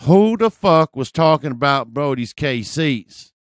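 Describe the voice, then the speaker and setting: A man voicing a menacing, aggressive young male thug who shouts profane challenges. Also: a little high, expressive, unhurried, no room sound, studio quality, pitched above the performer's own voice. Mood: menacing shouting.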